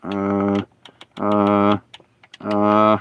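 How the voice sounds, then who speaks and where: A man's voice: fairly low pitch, monotone, very slow, a bit bright, highs cut off, slight background noise. A man streaming a game live, muttering and complaining in frustration as he plays. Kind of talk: live gameplay commentary.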